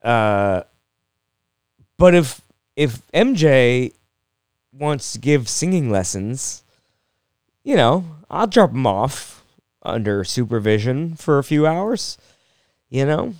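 Smooth-voiced man riffing casually. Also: medium pitch, big pitch swings, slow pace, pauses often, no room sound, clean studio sound. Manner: rambling, self-deprecating, jokey with frequent restarts. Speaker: comedian and podcast host. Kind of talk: casual solo podcast monologue.

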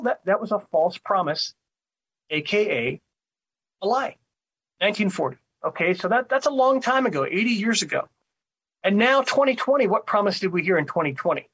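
A man's voice: sits high, expressive, normal speed, fairly bright tone, slightly rough, rough recording. A man hosting a talk show, delivering a casual commentary monologue, often repeating words and asking "right?". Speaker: radio talk show host.

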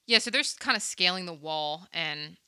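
Bright, crisp-voiced woman chatting casually. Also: lowish voice, expressive, normal speed, no room sound, clean studio sound. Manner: rambling, swears freely, acts out characters' lines. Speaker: podcast guest recapping a film. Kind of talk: casual podcast chat.

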